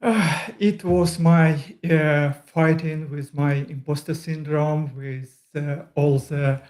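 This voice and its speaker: A non-native man with a noticeable accent talks slowly as a podcast guest, pausing often and filling gaps. His delivery stays flat and fairly high for a man. The room around him is echoey. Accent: Eastern European. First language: not English. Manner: hesitant, many pauses and fillers. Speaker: podcast guest, user group leader. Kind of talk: casual chat.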